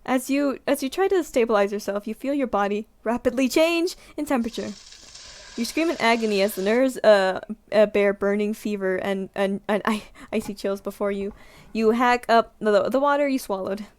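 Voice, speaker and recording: A woman's voice: on the high side, normal speed. Giggly young woman reading a game aloud. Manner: giggly, animated, lots of laughing and outbursts. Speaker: gaming streamer. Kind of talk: reading a visual novel aloud with reactions.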